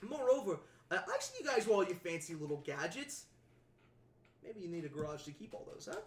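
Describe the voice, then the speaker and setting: A woman's voice: on the low side, sing-song, brisk. A woman voicing a scheming middle-aged male con man who runs a shop, with an oily, stammering, wheedling manner in a tabletop game. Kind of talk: tabletop game role-play. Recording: roomy echo, distant from mic.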